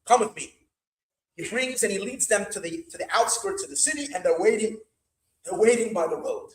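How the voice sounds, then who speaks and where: A rabbi telling a story at an evening gathering, animated and repetitive, slipping in Yiddish words. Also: male voice, high-pitched, brisk, roomy sound, poor audio.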